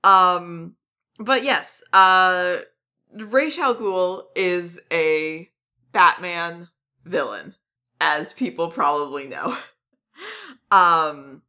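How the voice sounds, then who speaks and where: A woman's voice: on the low side, lively intonation, drawn-out words, long pauses, bright, forceful tone. A woman co-hosting a podcast in casual chat, talking in a hesitant way with many ums and self-deprecating asides. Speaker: podcast co-host.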